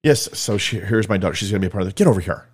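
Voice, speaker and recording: A man's voice: sits low, fairly even intonation, very fast, husky. Rambling joking male host. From California. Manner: rambling, joking, self-mocking. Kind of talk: casual monologue to viewers.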